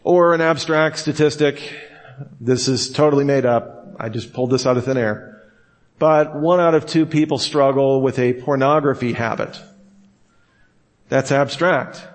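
Animated man teaching a class. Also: medium pitch, unhurried. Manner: animated, acts out examples in voices; asks the room rhetorical questions. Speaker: teacher of preachers.

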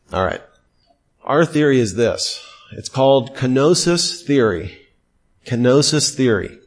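Middle-aged male theology teacher, mid-pitched, lecturing and quizzing the class, repeating key terms.

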